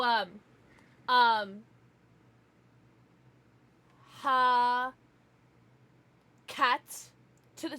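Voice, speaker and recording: A woman streamer chatting casually with her live chat, giggly and playful, teasing with sudden loud outbursts. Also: fairly high pitch. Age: adult, parent. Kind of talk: casual livestream chat, reading chat.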